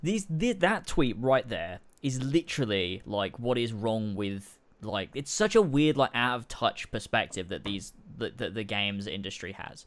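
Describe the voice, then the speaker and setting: A man's voice: on the low side, sing-song, a little slow, hardly any pauses, fairly bright tone. A man co-hosting a casual podcast, ranting with lots of swearing and restarts. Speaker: podcast co-host.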